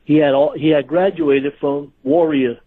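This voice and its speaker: Over a thin, tinny phone connection, a man who used to wrestle professionally recounts backstage tales in an easygoing interview. His voice is highish and unhurried, and he keeps laughing as he animatedly spins each story.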